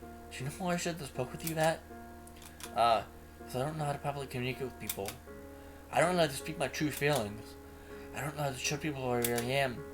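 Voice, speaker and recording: A man voicing a shy, bookish teenage girl who speaks in a hesitant, halting way, with music playing underneath. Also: medium pitch, lightly acted. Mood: sad. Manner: hesitant, halting, soft-spoken.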